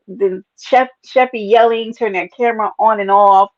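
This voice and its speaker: A woman chats through a casual livestream and greets her viewers by name. Her voice is playful and animated and bounces up and down in pitch. The sound is dry and a little dull. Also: moderate pace, no echo. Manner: animated, playful, talks to chat as baby and y'all. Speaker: livestream host. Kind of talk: casual livestream chat reading comments.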